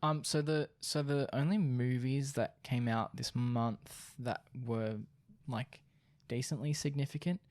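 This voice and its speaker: A man's voice: mid-range voice, fairly even intonation, measured pace, a little mellow, dry recording. A young man co-hosting a podcast, chatting casually and thinking aloud with lots of fillers. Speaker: podcast co-host. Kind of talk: casual chat.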